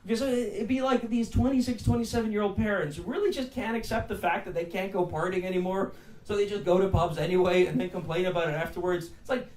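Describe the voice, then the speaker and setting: A young man from Iceland with an American Midwestern accent, doing a rambling, self-deprecating stand-up set and laughing often. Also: high voice. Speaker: stand-up comedian. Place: comedy club basement room. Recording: echoey room, distant mic, crowd. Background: audience laughing.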